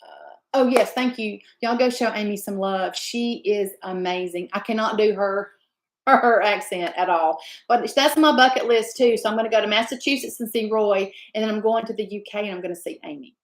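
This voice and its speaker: A woman in her fifties with a drawl chats on a home live stream. She is effusive and talkative and greets each viewer by name at an ordinary middle pitch. The room gives her voice a noticeable echo. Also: moderate pace. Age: 50s. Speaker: livestream host. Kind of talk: casual live-stream chat reading viewer comments.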